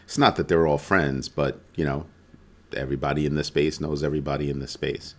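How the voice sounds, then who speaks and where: A man's voice: a bass voice, steady tone, a little fast. A man hosting a casual weekly crypto roundup, talking loosely and conversationally with frequent ums and self-corrections. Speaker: crypto video host.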